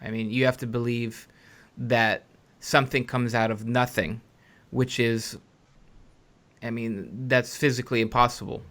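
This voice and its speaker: A man hosting a podcast, chatting earnestly and reading out listener questions, often halting and restarting. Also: medium pitch, fairly even intonation, fairly bright tone. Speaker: podcast host.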